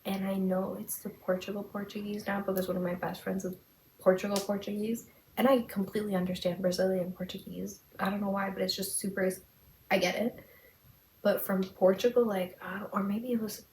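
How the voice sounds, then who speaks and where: Chatty young woman podcaster, gravelly edge. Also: mid-range voice, steady tone, a little fast, darkish tone. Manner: chatty, lots of "like", dramatic retelling. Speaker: podcast host. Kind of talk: casual storytelling. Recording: echoey room with faint hiss.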